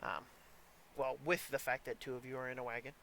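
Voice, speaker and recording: A man's voice: medium pitch, brisk, a little hiss or hum, low-quality recording. A man narrating a tabletop role-playing session as dungeon master, talking loosely with lots of ums and uhs. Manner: relaxed narration with many fillers.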